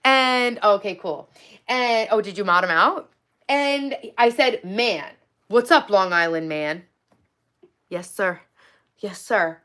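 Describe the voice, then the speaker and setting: A woman's voice: mid-range voice, animated, normal speed, a bit bright. A young woman hosting a casual livestream, reading out chat and dating-app messages with a sarcastic, swearing manner. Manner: sarcastic, profane, reads chat and messages aloud. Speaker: livestream host.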